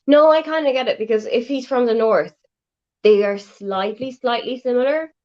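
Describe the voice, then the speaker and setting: A woman's voice: fairly high pitch, moderate pace, darkish tone, highs cut off. A woman from Waterford with an Irish accent, chatting casually with dry, wry humor. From Ireland. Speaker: guest co-host. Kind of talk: casual chat on a video call.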